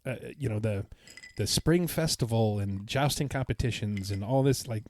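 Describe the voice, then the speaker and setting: Man telling a lively travel story. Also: lowish voice, moderate pace. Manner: storytelling, enthusiastic, with many restarts. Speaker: podcast co-host. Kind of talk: casual chat.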